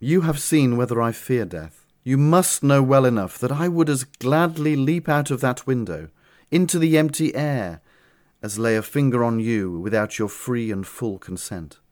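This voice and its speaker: An ardent young nobleman full of devotion, as a man acts him out, declaiming earnestly in an audio drama. His voice is of middling pitch and sounds close and dry. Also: very animated, normal speed, no echo, natural voice. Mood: passionate. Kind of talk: amateur audio drama acting.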